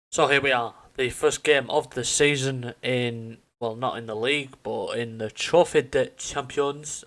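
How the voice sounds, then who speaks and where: A gaming YouTuber with a medium-pitched, slightly bright voice chats casually over a football management game. He often stumbles over names and corrects himself.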